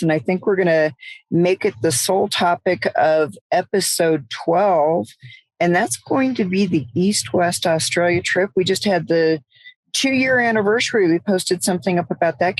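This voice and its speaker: A woman's voice: lowish voice, dry recording, rough recording. A woman with a Southern US accent co-hosting a podcast in casual chat, friendly and prone to restarting her sentences. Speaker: podcast co-host.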